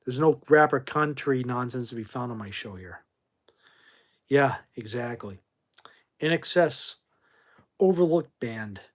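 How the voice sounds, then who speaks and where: A drowsy man hosting a late-night stream, yawning between blunt, rambling remarks and the odd curse. His voice sits at an ordinary middle pitch. He talks like someone who should have gone to bed an hour ago. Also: animated, unhurried, pauses often. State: sleepy, yawning. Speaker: livestream host. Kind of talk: casual livestream chat about classic rock.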